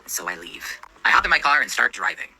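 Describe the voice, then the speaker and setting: A man's voice: fairly low pitch, sing-song, fairly quick, creaky, sharp tone, rough recording. A young man narrating a personal story in a casual, sarcastic way, swearing freely.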